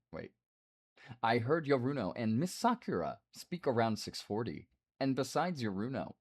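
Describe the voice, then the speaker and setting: Guy streaming a game, reads the lines out loud, voice jumps around a lot, chats in between. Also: mid-range voice. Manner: reads the game's lines aloud with asides. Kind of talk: game playthrough reading dialogue aloud.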